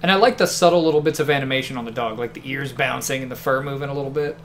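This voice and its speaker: A man co-hosting a game playthrough, relaxed and chatty, explaining game details as he watches. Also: mid-range voice, racing, a little hiss or hum. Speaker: co-host watching the play. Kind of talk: let's play commentary.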